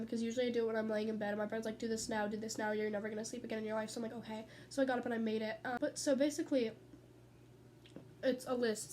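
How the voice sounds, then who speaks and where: Chatty teenage girl with a high voice. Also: darkish tone, a little hiss or hum. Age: teens. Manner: chatty, sidetracked, swears freely. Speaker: vlogger. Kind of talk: casual rambling storytelling. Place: bedroom at home.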